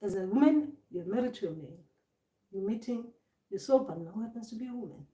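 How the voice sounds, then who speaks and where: Lively intonation and a dark tone mark this woman's medium-pitched, fairly quick speech, captured from a distance in an echoey room. As a spiritual teacher giving an informal talk, she rambles, restarts and repeats words, and acts out voices.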